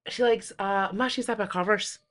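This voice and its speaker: A woman's voice: medium pitch, measured pace, a bit bright. A woman co-hosting a casual podcast chat, talking animatedly and quoting movie lines in acted voices. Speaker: podcast co-host.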